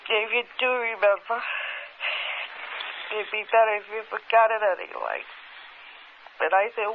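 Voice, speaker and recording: A woman's voice: mid-range voice, fairly even intonation. Woman recalling under hypnosis, on tinny old tape. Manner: halting, hesitant speech with many restarts; slow, dreamy present-tense recall. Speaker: hypnosis subject. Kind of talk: recounting a memory under hypnosis. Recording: tinny old archive tape with faint hiss.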